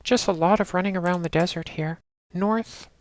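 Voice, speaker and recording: A woman narrating a game walkthrough in a steady, instructional way, talking the player through each step. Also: lowish voice, moderate pace. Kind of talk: casual let's-play walkthrough narration.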